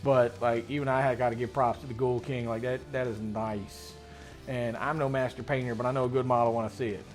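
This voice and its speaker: A man hosting a casual tabletop gaming chat, slangy and rambling, getting excited as he talks. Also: mid-range voice, brisk, soft background music. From Mid-Atlantic United States. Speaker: host.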